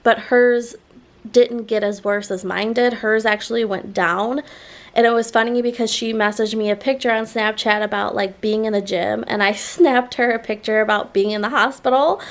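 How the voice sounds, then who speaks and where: A woman's voice: a little high, moderate pace. A woman vlogger chatting casually to camera, her voice a little nasal as she gets over a sore throat, rambling with lots of "like" fillers. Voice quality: slightly nasal.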